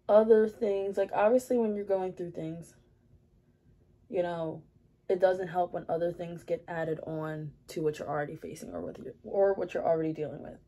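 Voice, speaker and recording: A woman's voice: on the low side, mellow. A young woman vlogging at her makeup area at home, chatting candidly with lots of fillers. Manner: rambling, many fillers, candid. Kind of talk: casual confessional chat.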